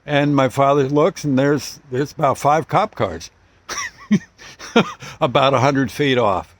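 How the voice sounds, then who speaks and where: A man telling a long anecdote in a loose, halting way, with many restarts and small chuckles. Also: mid-range voice, animated. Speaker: storyteller host. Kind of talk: casual storytelling.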